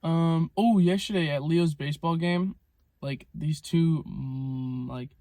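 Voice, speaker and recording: A man's voice: a little high, slow, dark tone, dry recording. Rambling young man vlogging from his car. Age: young adult. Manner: rambling, filler-heavy, frequent "like" and "um". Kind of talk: casual rambling vlog storytelling.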